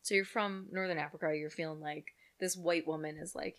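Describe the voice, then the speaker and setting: A woman's voice: deep voice, steady tone, fairly quick, over a noisy crowd. A woman co-hosting a podcast, telling a true crime story in casual, profane, joking chat. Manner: chatty, profane, jokey storyteller.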